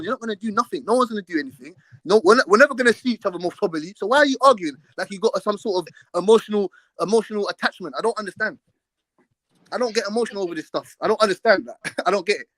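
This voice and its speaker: A man's voice: sits high, a bit bright, dry recording. A young man, hosting a live stream and trading brash, profane trash talk in a heated argument.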